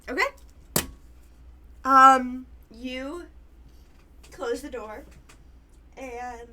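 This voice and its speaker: Woman game master for a tabletop podcast; unhurried, halting narration, a touch high-pitched. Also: steady tone, bright, forceful tone, a little hiss or hum. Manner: hesitant, many fillers, laughs often.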